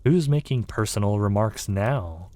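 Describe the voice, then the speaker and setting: A man's voice: lowish voice, lively intonation, unhurried, dark tone. Eccentric sorrowful hatter, fussy and sighing, voiced by a man reading. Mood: smug. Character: eccentric, sorrowful, argumentative adult male hatter. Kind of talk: storybook reading.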